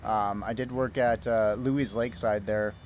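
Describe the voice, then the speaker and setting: A man's voice: fairly low pitch, fairly even intonation, a little slow, a little mellow, faint music behind. A man streaming a game from home, telling a rambling story in casual chat with mild swearing. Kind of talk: casual chat while gaming.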